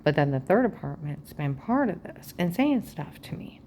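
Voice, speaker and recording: A woman talking straight at the camera in a rambling personal monologue, agitated and aggrieved, jumping from claim to claim and often dropping to a hushed, half-whispered voice. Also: deep voice, very animated, moderate pace, a little hiss or hum. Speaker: vlogger.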